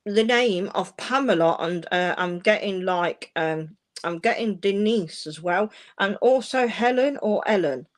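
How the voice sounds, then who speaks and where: In an unhurried voice of medium pitch with few pauses, a woman hosts a live-streamed mediumship session. She's a medium reading for callers, reassuring them warmly and calling them "darling" and "my love."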